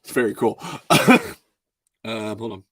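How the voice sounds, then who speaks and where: A man hosting a podcast, chatting casually and excitably, rambling and laughing as he reads listener messages. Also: on the low side, unhurried, no echo. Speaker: podcast host.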